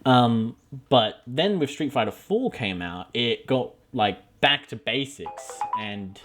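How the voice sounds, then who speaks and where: A man co-hosting a gaming podcast, talking loosely and swearing now and then. His voice sits at a middle pitch and he laughs easily between points. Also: lively intonation, takes it slowly, fairly bright tone. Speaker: podcast co-host. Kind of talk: casual gaming chat.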